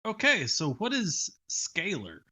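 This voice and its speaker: A man from the US South, a guest on a casual podcast, animated and asking questions. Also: sits high, takes it slowly.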